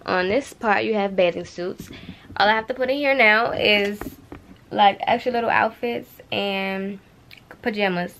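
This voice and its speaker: A woman's voice: medium pitch, measured pace, a bit bright, a little hiss or hum. A young woman talking casually to her camera on a tripod while she packs, playful, laughing and using slang. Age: young adult. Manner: chatty, playful, laughing often, uses slang. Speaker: vlogger. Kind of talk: casual vlog chat to camera. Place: bedroom while packing, indoors.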